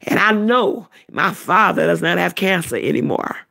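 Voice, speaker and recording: A middle-aged woman giving an emotional personal testimony, telling her story in an animated, repetitive way. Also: fairly low pitch, moderate pace, vocal fry. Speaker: vlogger, self-described prophetess.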